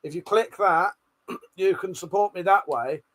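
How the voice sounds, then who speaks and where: Unhurried but bright and forceful, a high-voiced man runs a casual live stream. Replying to chat, he's brash, teasing and profane, breaking into frequent laughter.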